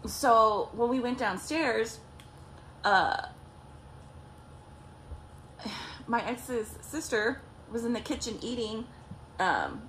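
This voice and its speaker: A woman's voice: on the high side, creaky, slight background noise. A young woman vlogger telling a story casually, swearing a lot and acting out what people said. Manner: profane, animated, acts out quotes.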